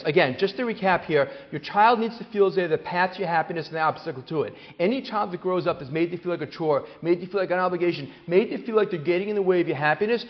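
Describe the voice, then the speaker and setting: A man with a fairly high voice gives a parenting talk, telling animated stories and acting out voices as he goes. He often starts over mid-sentence. The sound is dull and lo-fi, with long reverb from a hall. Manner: animated storyteller, acts out quoted voices, many restarts. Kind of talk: lively talk to an audience.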